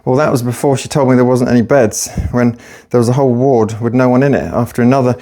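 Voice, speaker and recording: A man's voice: medium pitch, fairly even intonation, quick pace, few pauses, dark tone. A man telling a blunt, sweary story in a casual, unedited workout chat. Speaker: fitness vlogger.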